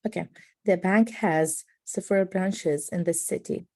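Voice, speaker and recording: A woman practising pronunciation, slowly and carefully repeating words and sentences. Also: fairly low pitch, mellow, no echo. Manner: slow, careful repeating and reading aloud. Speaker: language student.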